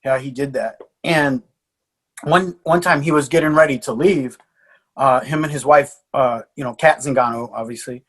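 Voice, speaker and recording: A man's voice: mid-range voice, normal speed. A middle-aged American man, a jiu-jitsu coach, telling stories casually as a podcast guest, swearing freely and laughing often. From USA. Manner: animated storyteller, swears, frequent restarts and laughs. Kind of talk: casual storytelling.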